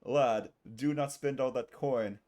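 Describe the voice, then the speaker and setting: A man's voice: mid-range voice, slow pace, a little mellow, lightly acted. A male streamer putting on a hammy British accent, bantering playfully while streaming a game. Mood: jovial. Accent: put-on British. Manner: hammy, playful, laughs often. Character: exaggerated tipsy British bloke, jolly.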